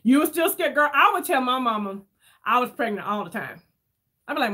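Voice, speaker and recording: A woman chatting casually with her viewers while doing her makeup, telling stories in an animated way and reading their comments aloud. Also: a little high, fairly quick, breathy edge. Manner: chatty, animated storyteller, addresses viewers as y'all. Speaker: beauty vlogger reading live chat.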